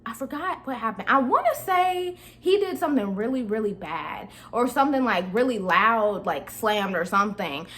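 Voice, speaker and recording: A woman's voice: a little high, expressive, normal speed, hardly any pauses, a bit bright. Chatty young woman telling a story. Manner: chatty, slangy, talks straight to viewers. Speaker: vlogger. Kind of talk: casual storytime.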